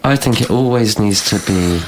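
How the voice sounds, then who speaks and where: A man's voice: lowish voice, normal speed, a little hiss or hum. A man, a club owner guest, talking bluntly with plenty of ums and swearing. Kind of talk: casual chat.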